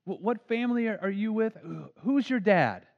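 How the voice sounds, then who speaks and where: A man voicing a kindly small-town preacher who speaks slowly and gently. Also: sits high, expressive, gravelly, voice pushed up. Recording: dull lo-fi recording.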